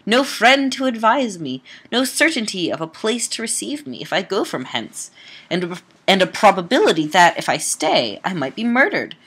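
A woman's voice: mid-range voice, sing-song, normal speed, fairly bright tone, breathy edge, heavily acted. A woman reading the lines of a frightened young heroine in a Gothic tale, with anguished exclamations. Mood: distressed.

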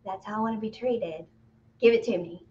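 A woman co-hosting a spiritual talk show, explaining her teachings in a casual, animated way with playful exclamations. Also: mid-range voice, fairly quick, slight background noise. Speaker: spiritual medium co-host. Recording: muffled lo-fi audio.

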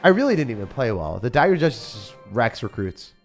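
A young man giving live commentary on his game as a streamer, swinging between loud outbursts and low muttering. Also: sing-song, moderate pace. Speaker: gaming streamer. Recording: faint music behind voice.

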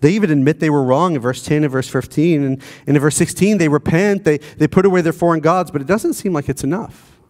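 A pastor preaching a sermon in a conversational way, asking the congregation rhetorical questions. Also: male voice, a little high, quick pace, a little mellow. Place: church.

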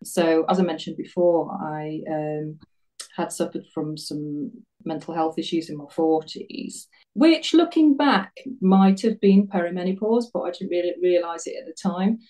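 A woman in her fifties chats through her story as an interview guest, self-deprecating and quick to laugh. Her voice sits a little low and sounds mellow and soft-edged. She is picked up from some distance, so she sounds set back from the mic. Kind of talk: casual interview chat.

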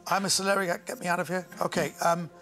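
A man's voice: sits high, level tone, quick pace. Teasing male quiz show host. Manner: teasing, playful. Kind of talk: joking game show banter. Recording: loud studio crowd and music. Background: studio audience and music.

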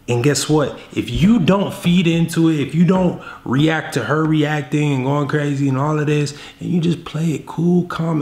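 A man giving dating advice in a casual vlog, talking in a slangy, direct, street-casual way. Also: fairly high pitch. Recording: roomy echo.

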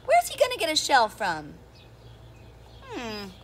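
A woman who is a children's storyteller, reading a picture book aloud to young children in an animated teacher's voice that keeps asking them questions. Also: high-pitched, slow pace, slight background noise. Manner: animated, sing-song teacher talk with questions to the kids.

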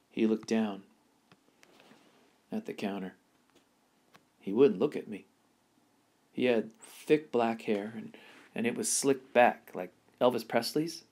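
A man reading a children's novel aloud in an expressive storytelling manner. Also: lowish voice, slow, long pauses. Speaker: reader.

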